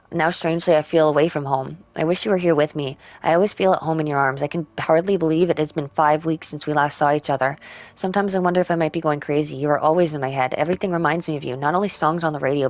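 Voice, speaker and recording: A woman playing a puzzle game, reading in-game letters aloud and working out clues with quiet asides. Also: deep voice, dry recording. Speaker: game streamer.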